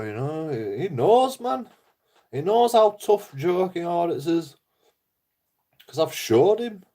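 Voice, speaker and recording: A man's voice: on the high side, very animated, slow pace, pauses often, mellow. A man talking in a casual, rambling monologue, blunt and full of swearing, often laughing. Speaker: YouTuber.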